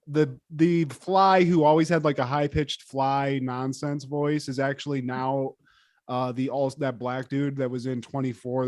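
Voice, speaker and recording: A man co-hosting a podcast in casual chat, animated and profane, with lots of fillers. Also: medium pitch, no echo, clean studio sound. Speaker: podcast co-host.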